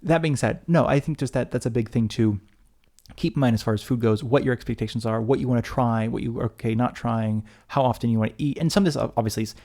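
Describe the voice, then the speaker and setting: Fast-talking joking man, mellow voice. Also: medium pitch. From United States. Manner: animated, joking, rambling with restarts. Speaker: podcast co-host. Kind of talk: casual chat.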